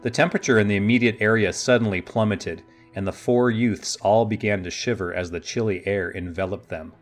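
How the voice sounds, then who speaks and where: A man narrating a fantasy story in a steady, measured storytelling voice. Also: fairly low pitch, faint music behind. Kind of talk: audiobook narration of his own fantasy novel.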